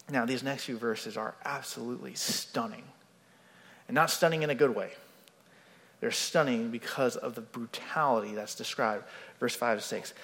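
A man's voice: medium pitch, fairly bright tone, long reverb tail. A male pastor giving an expository sermon in a conversational way, often checking in with "right?".

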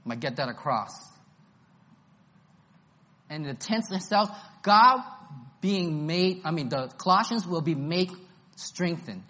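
A man's voice: fairly high pitch, expressive, takes it slowly, long pauses, bright, forceful tone. A man preaching an expository Bible-study sermon, emphatic and enthusiastic, repeating his key phrases.

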